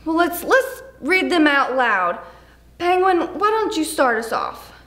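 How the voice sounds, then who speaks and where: A woman playing a therapist who calmly coaxes a group session along, recorded in an echoey room. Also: high-pitched, unhurried. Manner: calm, coaxing moderator. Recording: roomy echo, faint hum.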